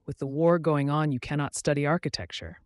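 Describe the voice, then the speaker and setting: A man's voice: on the high side, steady tone, brisk, dry recording, studio quality, close to an everyday voice. A man voicing a haughty thin male border lieutenant in an audiobook, with stiff, formal phrasing.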